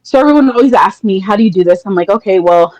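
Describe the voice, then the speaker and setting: A woman's voice: mid-range voice, racing, dry recording, dull audio. A woman calling in to a podcast, animatedly telling a workplace story and acting out coworkers' lines. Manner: animated, quotes people with mock voices. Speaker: caller. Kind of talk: casual storytelling.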